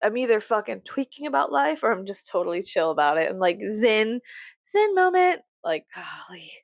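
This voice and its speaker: A woman's voice: mid-range voice, brisk, gravelly, dry recording. A woman vlogging in casual chat to camera, anxious and rambling, swearing and laughing often.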